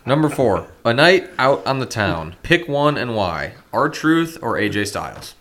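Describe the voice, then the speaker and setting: A man's voice: mid-range voice, big pitch swings, unhurried, fairly bright tone, slight background noise. A man co-hosting a casual chat, reading out questions and cracking dry, wry remarks. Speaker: co-host reading listener questions.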